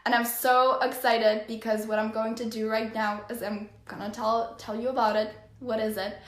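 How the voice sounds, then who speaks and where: A woman hosts a motivational live stream in a gushing, effusive manner and is quick to tears. Her voice sits fairly high. The room adds a noticeable echo. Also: level tone. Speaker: life coach host.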